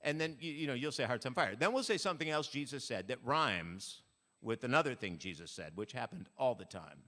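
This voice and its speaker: A man fronting a band, bantering with a church concert audience in a playful deadpan way. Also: mid-range voice, brisk. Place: church sanctuary. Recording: live in a church hall, reverberant, with instruments.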